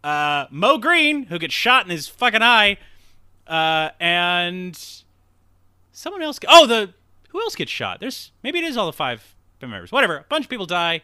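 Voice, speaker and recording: Podcast host, male, lively and rambling, cusses freely, bright tone, dry close mic. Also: high voice, moderate pace, clean tone, no room sound. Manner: rambling, profane, laughs at himself, acts out quotes. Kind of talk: casual movie recap chat.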